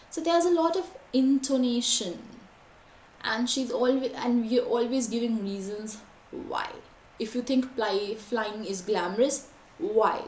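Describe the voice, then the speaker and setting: Lady teaching ielts prep online, kinda high voice, lots of "you know", roomy echo, faint hiss. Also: a little slow. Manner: expressive, varied intonation, frequent fillers. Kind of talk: online exam-prep lesson. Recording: echoey room, faint background noise.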